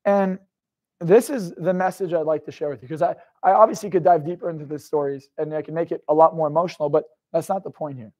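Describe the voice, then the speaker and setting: A man's voice: on the high side, fairly even intonation, quick pace, darkish tone. Intense young man telling a story. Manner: intense personal storytelling, swearing, asks the crowd questions. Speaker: motivational speaker. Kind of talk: live motivational talk to an audience.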